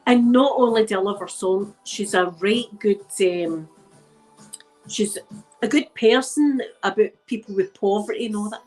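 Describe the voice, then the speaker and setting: Scottish woman a bit drunk, rambling chat to her viewers, mid pitch, faint music behind. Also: normal speed, darkish tone, rough recording. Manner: rambling, frank and chatty, with frequent restarts. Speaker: ASMR channel host. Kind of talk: casual live chat with viewers.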